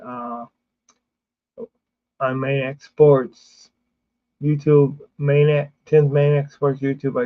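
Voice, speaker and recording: Man, sleepy, rambling sports host, slow talker, dull lo-fi stream sound. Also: medium pitch. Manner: rambling, many fillers and restarts. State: sleepy, yawning. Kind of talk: casual livestream sports talk.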